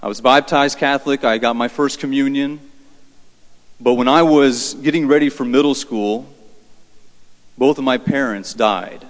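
A priest voicing a blunt, gruff elderly man making his confession, recorded with long church reverb. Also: mid-range voice, normal speed, pauses often, natural voice. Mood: confessing. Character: elderly male ex-thief, blunt and plainspoken.

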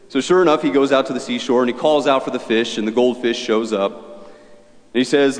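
A male preacher retells a story in a relaxed, conversational homily. His voice sits at an ordinary pitch for a man. A long church reverb hangs behind every phrase. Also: fast. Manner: conversational, folksy.

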